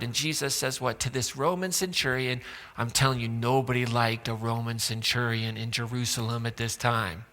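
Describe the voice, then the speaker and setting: A man's voice: medium pitch, steady tone, moderate pace, pushed and bright. A pastor preaching a sermon in a church, conversational and sarcastic, acting out quotes from the stories he tells. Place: church auditorium. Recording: long hall reverb.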